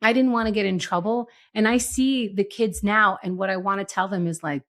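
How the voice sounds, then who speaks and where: A woman co-hosting a TV rewatch podcast, chatting casually and telling animated stories, often slipping into quoted voices. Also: medium pitch, fairly quick. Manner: animated, storytelling with acted quotes. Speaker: podcast co-host. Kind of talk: casual chat.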